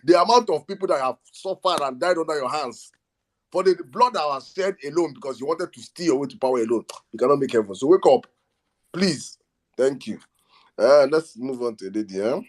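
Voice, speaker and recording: A man's voice: medium pitch, expressive, fairly quick. A Nigerian man hosting a live audio talk space, giving a fiery, mocking political speech with bits of pidgin.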